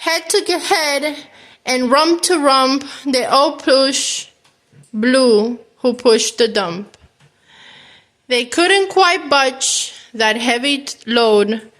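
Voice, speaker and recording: A woman reads a children's picture book aloud at a very slow, careful pace. Her voice sits a little high, and she reads gently and with animation, acting out the animal sounds for young listeners. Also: lively intonation. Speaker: children's storyteller.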